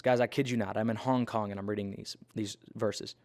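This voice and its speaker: A man telling a personal story in a sermon, animated and conversational, with many fillers and restarts. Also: lowish voice, fairly quick, few pauses. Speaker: preacher.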